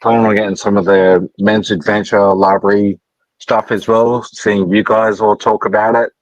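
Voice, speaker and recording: A man from Australia, a guest on a video call, talking in an easygoing way with many pauses. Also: on the low side, flat delivery, no echo, muffled recording. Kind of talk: casual chat.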